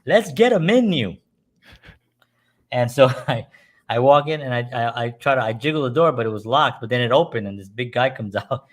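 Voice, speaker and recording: A New York man with a medium-pitched voice chats casually at a slightly quick pace. He's an animated storyteller who chuckles as he talks and puts on different voices when quoting people.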